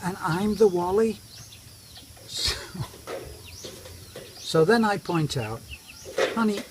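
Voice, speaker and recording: A man's voice: high voice, expressive, slow pace. A middle-aged British man telling a wry, self-mocking story in a casual vlog. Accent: British English. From Britain. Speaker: expat vlogger. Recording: noisy outdoor recording.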